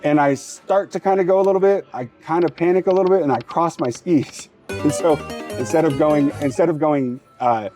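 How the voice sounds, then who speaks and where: A man's voice: fairly high pitch, normal speed, music in the background. A man hosting a slots channel, telling a long story casually while he plays. He rambles, cuts himself off and urges the machine on between sentences. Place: casino floor.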